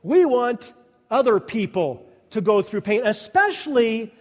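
A man's voice: very high-pitched, big pitch swings, measured pace. A male pastor preaching a sermon, emphatic and repetitive, calling out to the congregation and asking them to respond. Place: church sanctuary. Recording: long reverb of a large hall.

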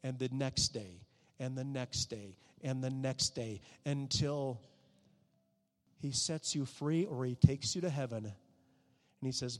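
A man preaching a sermon, moving between soft, hushed prayer and loud, emphatic declarations. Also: mid-range voice, a little slow, big-room sound.

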